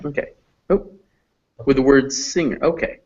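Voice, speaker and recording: A man teaching English pronunciation in an online class, patiently explaining phonetic symbols and slowing down to demonstrate sounds. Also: mid-range voice, steady tone, lo-fi sound.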